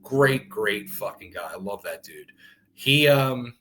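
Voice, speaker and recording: This talk show guest is a middle-aged former wrestler speaking slowly in a fairly low voice. He tells casual stories with animation, swears freely, and acts out quotes. Poor audio.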